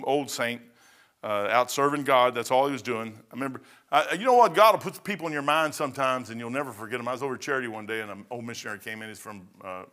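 A man pastor preaching a sermon in a church, emphatic, swinging between loud declarations and quiet, dropped lines. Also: mid-range voice.

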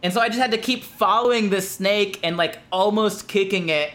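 A man's voice: high-pitched, moderate pace. A man co-hosting a podcast, chatting casually and acting out the voices of people in his stories. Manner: animated, acts out everyone's voices in his stories. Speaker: podcast co-host. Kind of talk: casual chat, comedic storytelling.

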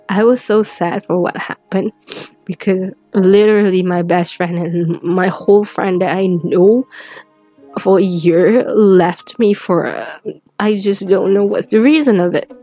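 A teenage girl telling a personal story in a rambling, halting way with many restarts, close to tears at times. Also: lowish voice, fairly even intonation, warm tone, faint music behind. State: tearful at times.

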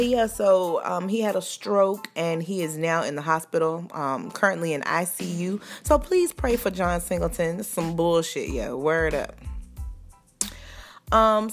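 Brief: woman host, lowish voice, swears freely, heated news-chat delivery, faint music under it. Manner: profane, fired-up commentary. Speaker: podcast host.

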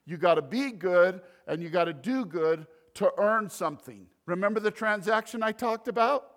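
A man preaching a sermon as pastor, animated, swinging between loud emphasis and quiet asides. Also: high voice, moderate pace.

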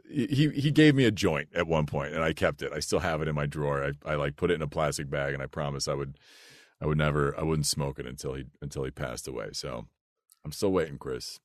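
A man from the United States, an actor and podcast guest, telling an anecdote in an animated, casual way and laughing through it. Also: rumbling low, fairly quick, no echo, studio quality. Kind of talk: casual storytelling.

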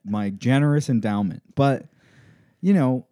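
A man co-hosting a podcast, halting and self-deprecating in casual comedic banter. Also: mid-range voice, dark tone, no room sound, clean studio sound. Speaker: podcast co-host.

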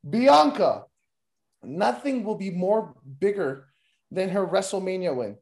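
A man co-hosting a casual wrestling podcast, ranting with heavy profanity and bursts of mock shouting. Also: high voice, very animated, measured pace, reverberant. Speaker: podcast co-host.

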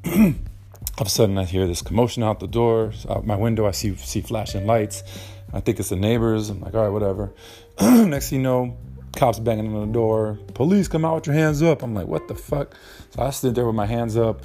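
A man's voice: lowish voice, a little fast, dark tone. A young man hosting a casual solo podcast, rambling and swearing freely with lots of ums and uhs. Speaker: podcast host.

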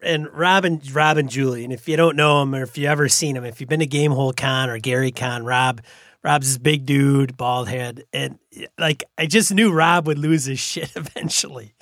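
A man's voice: mid-range voice, normal speed, a bit bright, dry recording, studio quality. A man co-hosting a casual chat, telling funny stories from his tabletop game with laughter. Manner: laughing, anecdotal storytelling. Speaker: podcast co-host.

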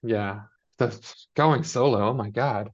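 A man's voice: on the low side, measured pace, muffled recording. A man casually recapping a TV episode with a co-host, rambling and quoting characters in mock voices. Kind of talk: casual chat.

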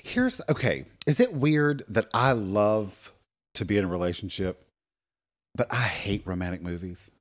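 A man's voice: on the low side, expressive, a little slow. A man co-hosting a podcast, chatting casually and thinking aloud in a roundabout way. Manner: thoughtful, circling, many fillers. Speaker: podcast co-host. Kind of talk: casual chat.

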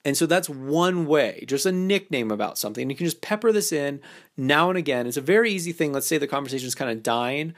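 A man's voice: on the high side, expressive, brisk. A man hosting a podcast as a dating coach, talking casually with lots of fillers and acting out playful example lines. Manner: casual, loose phrasing with many fillers. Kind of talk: instructional podcast talk.

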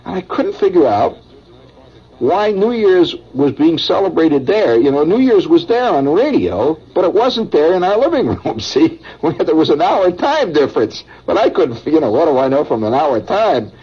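Middle-aged male radio host, rambling folksy storyteller, husky and lively, old muffled broadcast sound. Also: fairly high pitch, moderate pace. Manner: folksy and conversational, with chuckles and asides to listeners. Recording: dull vintage radio broadcast.

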